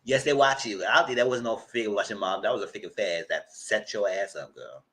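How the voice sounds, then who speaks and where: A man hosting a TV recap channel, retelling a story loudly and dramatically, with swearing and "girl" and "y'all" asides, sometimes squealing high voices for the people he quotes. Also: fairly quick. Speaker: channel host reviewing TV. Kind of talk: animated casual recap.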